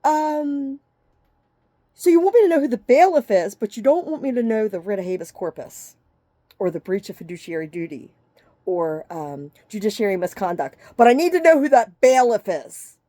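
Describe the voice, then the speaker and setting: A woman delivers a scattershot rant to the camera, her sentences breaking off and restarting as she leaps from one grievance to the next. Her voice sits on the higher side and swings dramatically up and down. She swears freely, and the sound is dry and close, with no room around it. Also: animated, moderate pace, mellow, no echo. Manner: agitated, profane, jumps between topics; speaks in fragments with frequent restarts. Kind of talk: rambling direct-to-camera rant.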